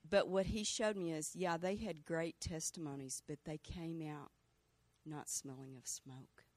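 A woman's voice: low voice, fairly even intonation, unhurried, a little mellow, dry recording. A woman giving an earnest, reflective testimony in a church service. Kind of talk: spoken testimony.

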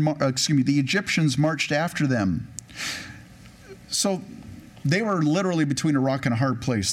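A man preaching a conversational sermon, reading scripture aloud and explaining it, with frequent restarts and self-corrections. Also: medium pitch. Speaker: pastor.

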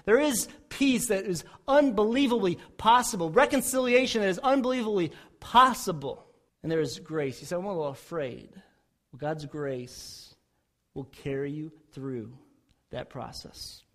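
A man preaching a sermon as pastor, rising loud when voicing prayers and dropping soft for quiet appeals. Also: sits high, animated, a little slow.

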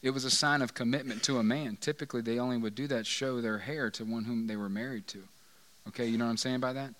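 A man's voice: mid-range voice, steady tone, fast talker, a bit bright, big-room sound. A man preaching a sermon in a conversational way, often asking the listeners rhetorical questions. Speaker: pastor.

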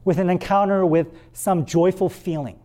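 A man preaching a sermon and reading scripture aloud, with dramatic pauses and words repeated for emphasis. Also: high-pitched, warm tone. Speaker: pastor.

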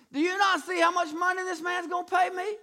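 A greedy prophet with a folksy drawl, wheedling and begging, his voice swinging from low mutters to shouted pleas as a preacher acts him out in a sermon. The voice is bright and sharp-edged. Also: fairly quick. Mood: pleading.

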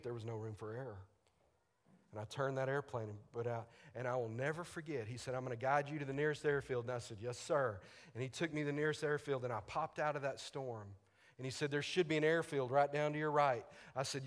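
A man preaching a sermon, telling a personal story animatedly, acting out radio exchanges and laughing often. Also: medium pitch. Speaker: pastor. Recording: long hall reverb.

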